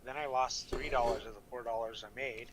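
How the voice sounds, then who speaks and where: A man's voice: medium pitch, fairly even intonation, brisk, noisy background. A young man from Montana hosting a casual crypto livestream, rambling and swearing between his friends' jokes. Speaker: livestream host.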